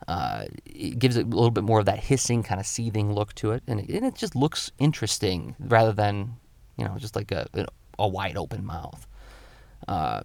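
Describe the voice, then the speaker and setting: A man's voice: medium pitch, creaky, a little mellow, dry recording. A male comic illustrator giving a casual spoken drawing tutorial, explaining his tips step by step in a thoughtful way.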